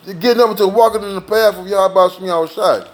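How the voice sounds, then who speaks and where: High-pitched guy preaching, real informal, keeps saying man and all right, slows down for the verses. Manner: slows down to read scripture aloud. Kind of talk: street-style sermon with scripture reading.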